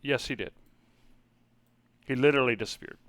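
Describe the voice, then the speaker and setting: A man running a tabletop game as game master, relaxed and hesitant, with many fillers. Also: mid-range voice, moderate pace, dry recording.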